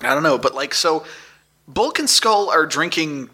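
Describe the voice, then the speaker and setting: A man's voice: a little high, expressive, measured pace, pushed and bright, breathy edge. A man co-hosting a podcast, casually recapping an episode with a rambling, wry delivery. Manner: rambling, wry, narrates scenes. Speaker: podcast co-host.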